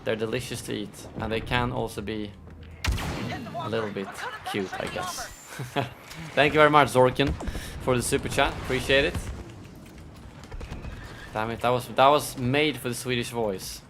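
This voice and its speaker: This gaming streamer speaks at a medium pitch with fairly even intonation, a measured pace, and a somewhat bright tone, pausing often. Playing a shooter live, he chats loosely, reasons aloud, complains about his performance, and thanks people who donate; background noise is clearly audible.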